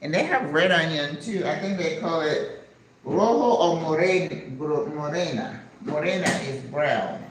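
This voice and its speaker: A chatty woman in her sixties from the United States, talking at an unhurried pace in a casual home vlog. Her voice rings in an echoey kitchen with faint background noise. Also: low-pitched. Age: 60s. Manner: chatty, enthusiastic, sprinkles in Spanish words. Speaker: vlogger.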